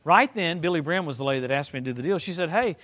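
An older man preaching a sermon, telling stories and swinging from loud excited bursts to low quiet stretches. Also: rapid-fire. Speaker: pastor.

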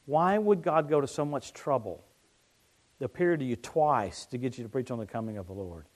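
A middle-aged man preaching a sermon, telling stories that swing from hushed tones to excited shouting. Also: mid-range voice, moderate pace.

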